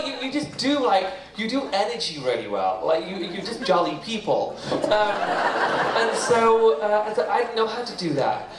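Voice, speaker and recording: A man's voice: high voice, noisy background. A British man in his thirties telling stories to an audience on stage, chatty and self-mocking, laughing often. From Britain. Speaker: author guest. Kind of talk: storytelling on stage. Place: library event hall with audience. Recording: roomy hall, mic heard from a distance.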